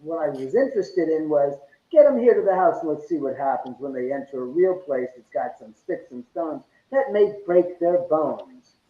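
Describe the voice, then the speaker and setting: A man telling stories as a guest on an interview show, animated and often laughing as he acts out what others said. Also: a little high, normal speed. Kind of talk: casual storytelling interview. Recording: echoey, dull lo-fi sound.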